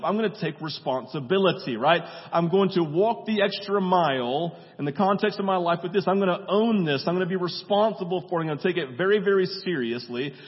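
High-voiced pastor preaching in a reverberant hall. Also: male voice. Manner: conversational, asks the congregation "right?" often; acts out movie dialogue in quick voices. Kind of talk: sermon. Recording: dull sound with long hall reverb.

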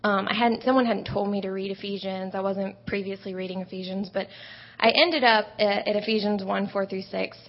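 A young woman in her late teens, a high school student, giving a thoughtful personal testimony with small pauses. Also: fairly even intonation. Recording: dull lo-fi audio.

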